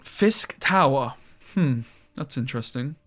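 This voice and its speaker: A man streaming a card game live, chatting casually with viewers and breaking into loud exclamations. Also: medium pitch, expressive, unhurried, faint music behind. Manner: chatty, talks to chat, bursts into loud exclamations.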